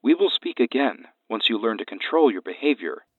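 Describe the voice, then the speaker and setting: A man voicing a stern, scarred alien Jedi master who speaks in a cold monotone. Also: mid-range voice, fairly quick, breathy edge, dry recording, phone-quality sound. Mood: cold, formal.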